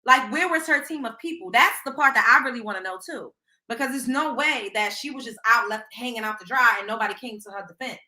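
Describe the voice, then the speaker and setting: Young woman hosting a gossip stream, high bright voice, blunt and cussing, echoey room. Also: brisk. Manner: blunt, animated, swears freely, acts out quotes. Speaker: host of a celebrity gossip livestream. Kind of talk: casual opinionated commentary.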